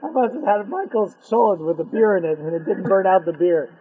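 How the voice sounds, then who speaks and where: Rude blunt young guy played by a man, blurts insults, husky high voice, phone-line sound. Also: lively intonation, brisk, dry recording. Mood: baffled.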